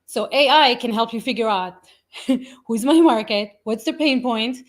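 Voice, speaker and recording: A woman guest in a casual interview, telling stories with lively acted-out quotes and frequent laughs. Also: fairly high pitch, a little slow. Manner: animated storyteller, acts out quotes, laughs often.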